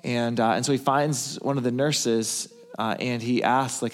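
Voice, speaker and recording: A male pastor preaching, telling a story in a hushed, tender voice and then building to emphatic calls. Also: mid-range voice, steady tone, measured pace. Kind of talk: sermon storytelling.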